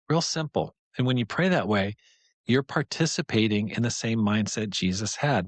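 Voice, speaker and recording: A man's voice: lowish voice, moderate pace, no room sound. A man hosting a devotional podcast, teaching in an earnest, conversational and encouraging way. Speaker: podcast host.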